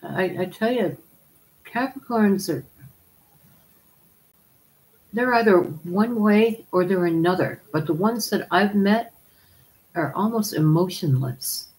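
A woman's voice: medium pitch, lively intonation, slow pace, pauses often, darkish tone, poor audio. A woman hosting a live stream, chatting casually, laughing often and calling viewers darling as she reads their comments.

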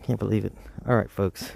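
A man's voice: on the low side, vocal fry, dark tone. A man hosting a casual live painting stream outdoors by the roadside, rambling and talking to himself with frequent chuckles.

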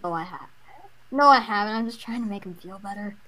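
A woman voicing an eager, clumsy young male would-be superhero in a game role-play, boastful and quick to yelp when startled. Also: medium pitch, bright, forceful tone, poor audio.

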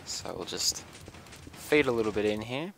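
A man talks through a build in casual gameplay commentary, unhurried and thinking aloud with plenty of ums. His voice sits low and gravelly. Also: lively intonation, fairly bright tone, a little hiss or hum.

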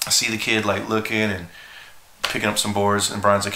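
A man's voice: on the low side, level tone, brisk, sharp tone. Rambling, profane storyteller man in his forties. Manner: rambling, profane, self-deprecating. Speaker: skateboarding team manager. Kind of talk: casual storytelling. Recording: roomy echo.

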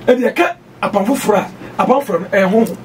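High-voiced Ghanaian man preaching with emphasis. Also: moderate pace, recorded from a distance, a little hiss or hum. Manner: emphatic, switching between Twi and English, bursts of shouting. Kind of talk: preaching on doctrine.

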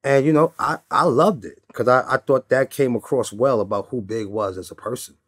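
A man from New York talks through old stories in a relaxed, easygoing drawl. He keeps tagging his sentences with "you know what I'm saying". His voice sits at a middle pitch and sounds close and dry, with no room around it. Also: brisk, no room sound. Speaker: interview guest. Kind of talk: casual storytelling interview.

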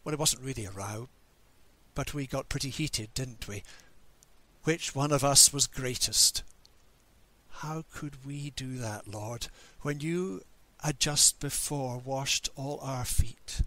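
A man's voice: mid-range voice, slow pace, pushed and bright. A man voicing the grieving, angry disciple Peter at the cross in a dramatic monologue during a church service, bitter and questioning. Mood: anguished. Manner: bitter, questioning, self-reproaching.

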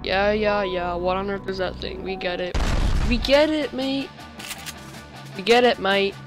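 A teenage boy giving casual, excitable commentary while playing a game, yelping often, his voice cracking when he yells. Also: high voice, normal speed, music in the background. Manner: excitable, yelps and frequent voice cracks. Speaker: gamer.

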